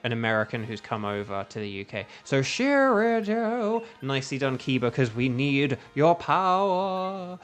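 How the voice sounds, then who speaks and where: A young English man chatting casually with his stream chat while playing a game, rambling and humming to himself between moves. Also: mid-range voice. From England. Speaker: gaming streamer.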